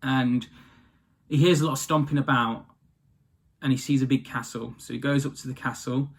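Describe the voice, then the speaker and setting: A man's voice: medium pitch, fairly even intonation, normal speed, slightly rough. A man casually telling a fairy tale, in a rambling, chatty way that often corrects itself. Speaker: storyteller. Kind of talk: casual storytelling.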